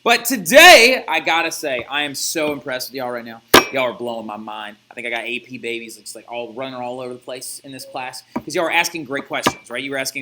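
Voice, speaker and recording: A young man teaching a recorded history lesson in a chatty, animated way, with jokey asides. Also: mid-range voice, a little fast, heavy background noise. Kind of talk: recorded classroom lecture.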